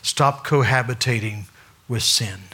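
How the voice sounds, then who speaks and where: A male pastor preaching a sermon, swinging between loud, acted-out dialogue and hushed asides. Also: medium pitch, a little slow, slightly rough.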